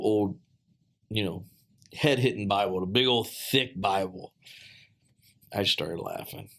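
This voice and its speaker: A man shares a heartfelt personal story during a casual podcast chat, sounding earnest and halting, with many fillers and restarts. His voice is on the low side and a bit bright.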